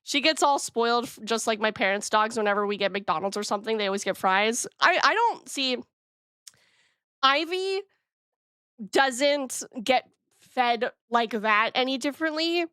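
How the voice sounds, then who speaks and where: Bubbly, high-voiced young woman streamer. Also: moderate pace, clean tone, dry recording, studio quality. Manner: gushing, excitable, swears freely. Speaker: VTuber streamer. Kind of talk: casual live-stream chat.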